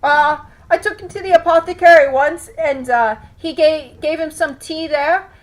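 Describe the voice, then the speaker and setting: A woman's voice: high voice, natural voice. Woman playing a fretful half-orc village mother. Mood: anxious, deflecting. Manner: hesitant, halting with fillers.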